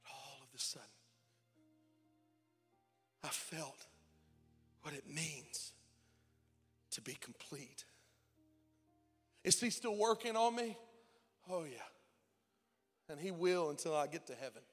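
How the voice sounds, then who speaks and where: A young adult man preaching a sermon in a church, tearful and emotional, dropping to near whispers and rising to shouted cries. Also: fairly high pitch, expressive, slow, long pauses, husky. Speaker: pastor. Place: church sanctuary. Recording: long hall reverb with faint music.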